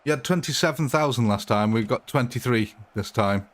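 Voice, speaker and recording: A man in the middle of a live stream, talking casually at his computer while a battle game runs. His pitch sits around the middle for a man, and he chats loosely with viewers, thanks them and laughs easily. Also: a little fast.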